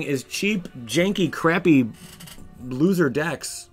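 A man streaming a card game live, chatting with viewers in an excitable, jokey way. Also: medium pitch, normal speed, soft background music. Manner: excitable, jokey, talks to chat. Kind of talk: casual live stream commentary.

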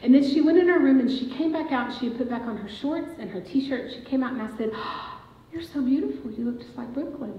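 A woman's voice: sits high, brisk. A woman preaching a sermon in a church, telling a family story and building to emphatic declarations. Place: church sanctuary. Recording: dull, echoey church recording.

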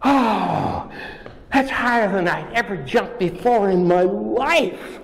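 Male storyteller, playful children's tale, drawn-out pacing, reverberant hall. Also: sits high. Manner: lively, playful, sound effects. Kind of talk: animated children's story narration.

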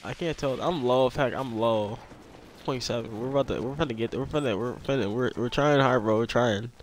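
Excitable young man gaming, slangy and loud. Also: medium pitch, fairly quick, slight background noise. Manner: excitable, repeats himself, slangy, yelps when attacked. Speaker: gamer. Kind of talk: casual gameplay commentary.

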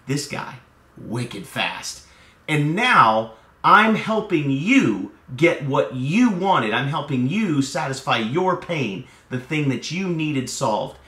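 A man's voice: on the high side, slow pace. A man hosting a motivational vlog, talking casually and energetically to camera. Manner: conversational, energetic, acts out sales dialogues. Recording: roomy echo, distant from mic.

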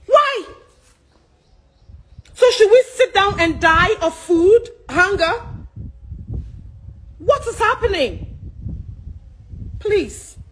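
A Ghanaian woman delivering an angry political rant, loud and fiery, cursing freely. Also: very high voice, animated, slow pace, pauses often, low-quality recording. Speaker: social media commentator.

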